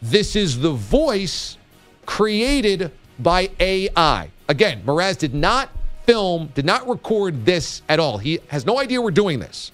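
A man hosting a radio talk show, telling a story in a playful way. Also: a little high. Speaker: podcast host. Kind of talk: casual radio chat.

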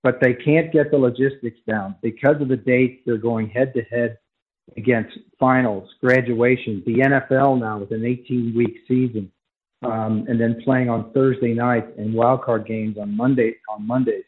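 A man's voice: medium pitch, fairly even intonation, moderate pace, breathy edge. Give me a man on a tinny phone line, arguing his football picks as a radio guest. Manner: emphatic, argumentative analysis. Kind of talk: sports radio phone interview.

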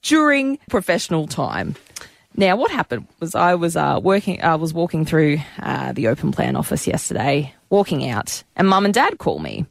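A woman's voice: low voice, normal speed, creaky, no room sound. A woman, co-hosting breakfast radio, teasing her partner and telling stories with lots of laughter. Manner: animated, teasing, laughs a lot. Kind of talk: casual radio chat. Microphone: studio microphone.

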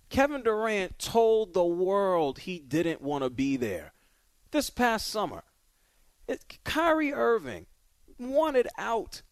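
A man's voice: high voice, smooth, no echo. A man hosting a sports talk radio show, delivering an opinionated monologue with emphatic, punchy repetition.

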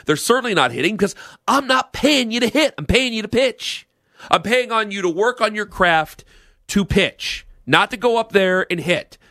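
A man's voice: high-pitched, bright, forceful tone, no room sound, clean studio sound. A man hosting a sports talk radio show, ranting bluntly and sarcastically about the game.

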